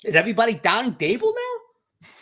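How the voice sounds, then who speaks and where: Husky-voiced New man, animated podcast guest who tells stories emphatically. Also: very high voice, fairly quick. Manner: emphatic storyteller, repeats "you know" and "okay". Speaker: podcast guest, team insider. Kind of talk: casual sports podcast chat.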